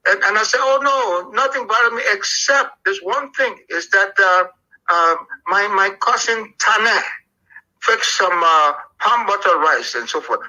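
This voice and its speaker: An older man with a Liberian accent, telling animated, jokey stories as an interview guest, with plenty of fillers. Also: high voice, unhurried, low-quality recording. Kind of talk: storytelling interview.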